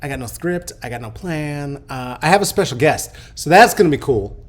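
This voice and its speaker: A man's voice: a little high, lively intonation, fairly quick. A man in his late forties hosting a podcast unscripted, joking and rambling with many ums and restarts. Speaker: podcast host. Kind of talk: casual unscripted podcast talk.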